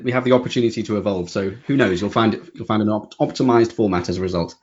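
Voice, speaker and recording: A man from the UK, a company founder, explaining his product in a relaxed podcast interview with some stammering restarts. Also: lowish voice, fast talker, highs cut off.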